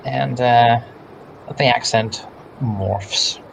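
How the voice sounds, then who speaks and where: A woman's voice: rumbling low, fairly even intonation, very slow, gravelly, slight background noise, low-quality recording. A woman player in a tabletop game who describes her character's actions in a drawling way. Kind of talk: casual tabletop game chat.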